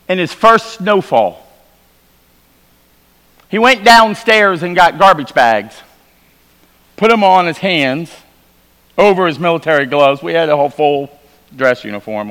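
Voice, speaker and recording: A man preaching at a revival, telling stories and moving between quiet asides and loud calls to the congregation. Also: high-pitched. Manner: storytelling, swings from quiet asides to loud exhortation. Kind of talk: sermon. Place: church sanctuary. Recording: hall reverb.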